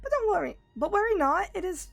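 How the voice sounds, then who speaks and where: A woman voicing a small, fussy rabbit creature from a game, in a high-pitched, overly polite voice. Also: sing-song, fast talker, vocal fry, soft background music, full character voice. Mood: eager. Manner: prim, overly polite phrasing.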